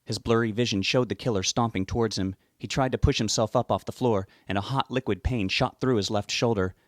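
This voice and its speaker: Low-voiced man narrating a novel. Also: fairly even intonation, a little fast, no echo, clean studio sound. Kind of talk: audiobook narration.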